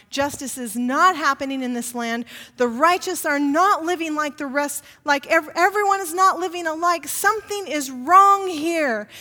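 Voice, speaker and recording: High-voiced woman preaching in a reverberant hall. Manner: storytelling, building from hushed to forceful emphasis. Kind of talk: sermon.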